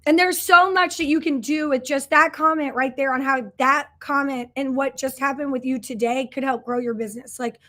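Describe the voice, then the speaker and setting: Earnest, chatty woman with a high voice. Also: steady tone, moderate pace, few pauses, pushed and bright. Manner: chatty and earnest, with frequent fillers and restarts; reads and answers viewer comments. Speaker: business coach hosting a livestream. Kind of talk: casual livestream sales pitch.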